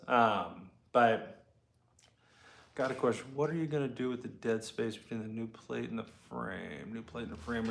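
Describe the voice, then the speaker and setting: Cussing, laid-back garage host in an echoey room. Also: male voice, medium pitch, vocal fry. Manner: profane, rambling, laid-back. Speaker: host and car builder. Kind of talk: casual live garage chat answering viewer comments.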